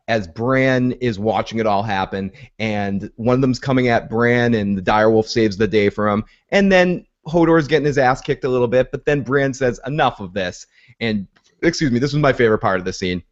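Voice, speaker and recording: A man's voice: medium pitch, dull audio. A man co-hosting a casual recap podcast, retelling the episode with many fillers and restarts. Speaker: podcast co-host.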